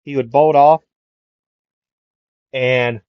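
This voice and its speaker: A man telling an improvised fan story slowly, wandering through it with constant fillers. The sound is close and dry. The mic is muffled and lo-fi. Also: medium pitch, fairly even intonation, smooth, no room sound. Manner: rambling, many fillers.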